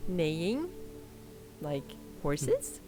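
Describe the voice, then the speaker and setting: A woman runs a tabletop game in a low voice, slow and unhurried. She narrates in halting stretches full of fillers, with faint music underneath. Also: huge pitch swings. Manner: hesitant, many fillers. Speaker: game master.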